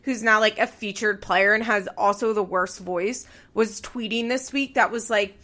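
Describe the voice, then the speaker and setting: A woman's voice: mid-range voice, steady tone, normal speed, pushed and bright. A young woman hosting a podcast, recapping a show in heated, profane rants. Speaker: podcast host.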